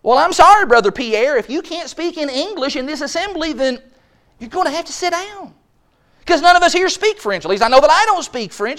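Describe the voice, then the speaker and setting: A man's voice: very high voice, a bit bright. A man preaching a sermon from a church pulpit, building rhetorical questions and acting out mock quotes from others. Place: church sanctuary. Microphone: pulpit microphone.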